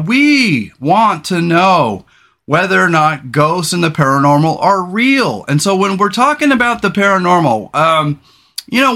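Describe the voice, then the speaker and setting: A man's voice: high voice, bright, forceful tone. A man hosting a casual podcast from a small rural trailer, talking in an enthusiastic, rambling way. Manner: enthusiastic, rambling, emphatic announcer-like intro. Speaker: podcast host.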